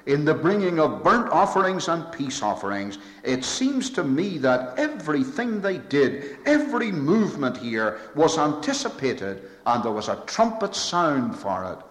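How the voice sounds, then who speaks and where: Male preacher, lively pitch, emphatic repetitive delivery, recorded in an echoey hall. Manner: emphatic, repetitive preaching with swelling rhetorical lists. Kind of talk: sermon. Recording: echoey hall with long reverb.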